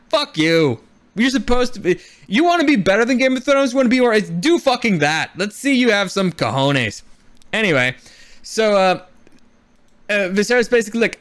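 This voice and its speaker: A man giving his casual opinions on a TV episode, animated and swearing, often acting out the characters' lines. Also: sits high. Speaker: show reviewer.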